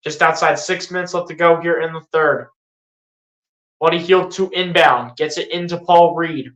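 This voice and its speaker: A live fan play-by-play commentator calling a basketball game, excitable, sliding into sarcastic rants and pleading asides. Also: medium pitch, normal speed, echoey room, low-quality recording.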